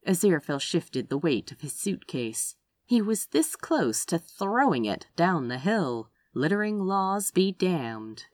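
A woman narrates a story in a somewhat low voice, moving the pitch up and down expressively. The sound is close and dry, with no room around it. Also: a little slow, no room sound. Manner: expressive, lively reading. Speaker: audiobook reader.

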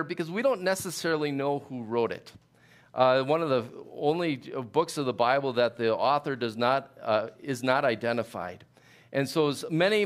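A man preaching a sermon in a conversational, halting way, with many fillers and restarts. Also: fairly high pitch, clear, resonant tone. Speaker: pastor.

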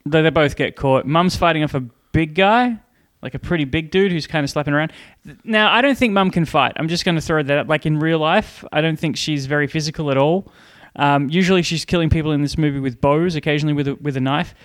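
A podcast co-host with a slightly high voice talks fast, with few pauses, as he recaps a movie in casual chat. His animated retelling is full of jokes and swearing.

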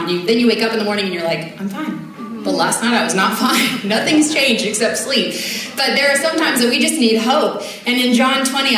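The distant mic picks up a little hiss or hum as a woman preaches in a very echoey church hall. Her medium-pitched, fairly bright voice reads scripture earnestly and conversationally, with casual filler words.

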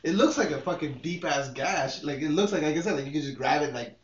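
A man's voice: on the high side, animated, fast. A man co-hosting a podcast in casual chat, rambling and swearing, with lots of "like" fillers. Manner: profane, rambling, heavy use of "like". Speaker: podcast co-host. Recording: echoey, dull room sound from a distance.

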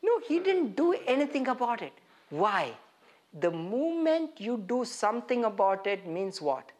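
Animated preacher quizzing his listeners. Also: very high voice, a little slow. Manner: animated, questioning the listeners directly. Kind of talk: interactive sermon teaching.

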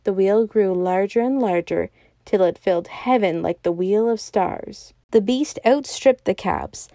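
A woman podcast storyteller reading a classic novel aloud in a calm, even voice. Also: medium pitch, measured pace, no echo. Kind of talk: scripted narration of a classic novel.

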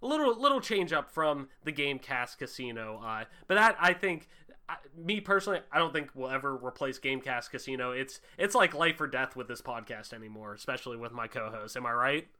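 A man's voice: mid-range voice, expressive, fairly quick, sharp tone. A young man hosting a casual gaming podcast, talking loosely and animatedly, swearing freely with lots of fillers. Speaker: podcast host.

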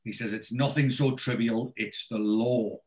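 A man's voice: mid-range voice, unhurried. A man on a podcast, recapping a TV series in casual chat, quoting the characters' dialogue with lots of fillers and restarts. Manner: animated storyteller, many fillers and restarts. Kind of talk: casual chat, retelling scenes with quoted dialogue.

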